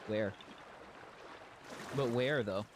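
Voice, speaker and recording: A man streaming a video game, chatting in a playful, joking way and breaking into excited squeals. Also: lowish voice, very slow, background noise. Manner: puts on a put-on accent by habit. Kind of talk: casual let's-play commentary.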